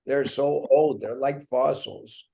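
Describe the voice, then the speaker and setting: Medium in pitch and mellow, with vocal fry and fairly even intonation, a spiritual teacher addresses devotees via video call. He chats and jokes, teasing them playfully and drawing out the punchlines.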